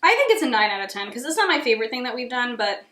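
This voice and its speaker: A woman's voice: fairly high pitch, very animated, rapid-fire, fairly bright tone, slight background noise. A woman in her thirties with a Rhode Island accent, hosting a casual food taste test, bubbly and giggly. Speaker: cooking channel host. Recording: echoey room.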